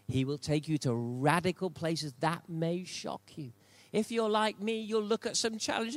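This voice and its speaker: A man's voice: fairly high pitch, moderate pace, dry recording. An older man preaching a sermon in church, emphatic and repeating key phrases for stress. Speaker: pastor.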